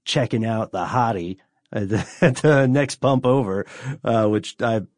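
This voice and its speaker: Podcast co-host, male, low register, loose and joking, dry booth sound. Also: measured pace, a little mellow, no echo. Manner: rambling, self-deprecating, jokey asides. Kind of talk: casual chat.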